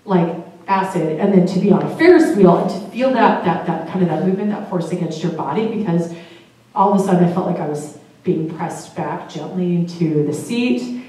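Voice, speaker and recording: A woman's voice: lowish voice, animated, moderate pace, dark tone. Woman telling a story in an echoey room. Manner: casual, chatty, laughs often, swears. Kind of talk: live personal storytelling. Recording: very echoey room, voice far from mic.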